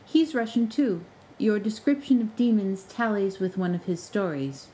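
A woman reading a gentle young woman. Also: mid-range voice, normal speed, slight background noise, close to an everyday voice, low-quality recording. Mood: earnest.

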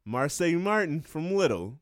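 A man's voice: a little high, sing-song, moderate pace, noisy background. A man co-hosting a casual podcast, playfully reading out lists and laughing often. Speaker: podcast co-host.

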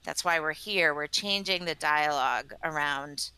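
A woman's voice: deep voice, a little slow, bright, forceful tone, clear, resonant tone, dry recording, rough recording. A woman who works as a scientist and advocate, explaining earnestly in a podcast interview with frequent ums. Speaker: patient advocate and company scientist.

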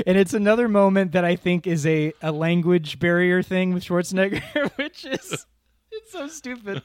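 A man's voice: sits high, darkish tone, no room sound. A man co-hosting a podcast, talking animatedly about a film, laughing and jumping between tangents. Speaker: podcast co-host. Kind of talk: casual film-review chat.

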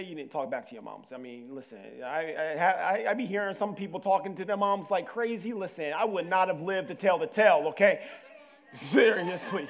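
A man preaching a sermon. He tells personal stories with lively, colloquial phrasing and repeats his words for emphasis. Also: sits high. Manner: animated storyteller with dialect and repeated words. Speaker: pastor.

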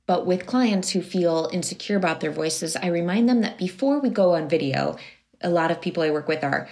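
A woman who coaches clients on voice and confidence, explaining her methods as an interview guest in an animated way and acting out what people think. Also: sits low. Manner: animated, explanatory, acts out quoted thoughts.

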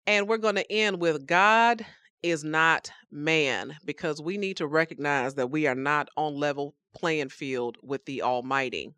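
A woman's voice: deep voice, unhurried, a bit bright, clean tone, dry recording, clean studio sound. A woman teaching the Bible on a podcast, emphatic and speaking to her listeners as believers.

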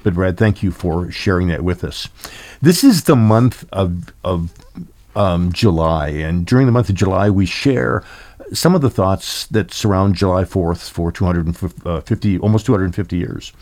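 An older man, a pastor hosting an interview, talking in a halting, folksy way. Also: low-pitched, a little mellow, no echo. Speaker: pastor and host. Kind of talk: casual interview chat.

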